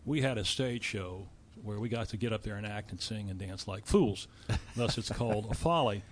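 A man's voice: on the low side, normal speed. Big-voiced man telling stories. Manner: animated storyteller who slips into impressions. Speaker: law firm partner and guest. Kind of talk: casual interview storytelling.

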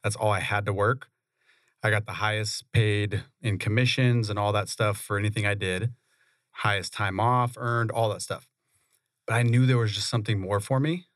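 A man, a real estate investor, telling his story in a relaxed, conversational way in a radio studio. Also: fairly low pitch, normal speed, dry recording. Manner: relaxed, conversational, laughs often. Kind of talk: interview storytelling.

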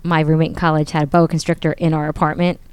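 A woman in her forties tells a story in an animated, casual way and acts out other people's lines. Her voice sits on the low side. The sound is close and dry. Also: fast talker, clear, resonant tone, dry recording. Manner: animated, acts out quotes with rising pitch. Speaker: guest.

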